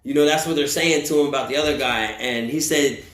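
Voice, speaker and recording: A man from the United States telling a story in a casual, profane, animated way, acting out what people said. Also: fairly high pitch, fairly quick. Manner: profane, animated, acts out quotes. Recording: roomy echo.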